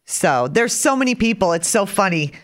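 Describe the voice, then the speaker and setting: A woman's voice: mid-range voice, expressive, normal speed, a bit bright. A woman hosting a radio show, talking in an emphatic, insistent way. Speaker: radio host. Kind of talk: casual radio chat.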